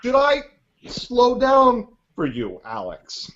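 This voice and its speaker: Brief: a man doing a slow, drawling impersonation that swoops high and low and is full of teasing pauses, on dull lo-fi audio. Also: wildly swooping pitch, a bit bright, full character voice. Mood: mock-theatrical. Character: man doing a put-on celebrity impression with an odd accent.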